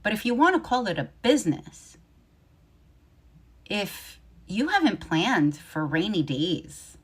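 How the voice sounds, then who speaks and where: A woman's voice: fairly low pitch, husky. A woman in a played video giving opinion commentary with a sarcastic, mock-sympathetic edge.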